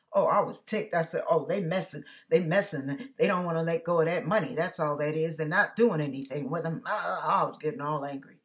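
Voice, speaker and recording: Animated woman preaching. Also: mid-range voice. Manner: animated storytelling with asides to listeners. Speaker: online minister. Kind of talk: preaching monologue.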